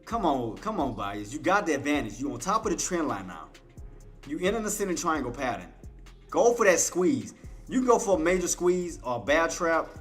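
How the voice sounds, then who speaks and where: A man streaming live trading commentary, coaxing and trash-talking the chart, shifting between low muttering and loud playful outbursts. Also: big pitch swings, normal speed, faint music behind. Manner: coaxes and taunts the price chart, swinging from muttering to loud outbursts; playful trash talk with laughter.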